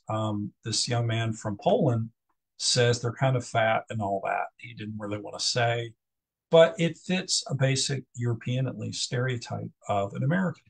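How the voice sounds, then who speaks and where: A man's voice: medium pitch, gravelly, slightly rough, low-quality recording. A middle-aged man presenting a business etiquette workshop in a casual, conversational lecture style with frequent ums.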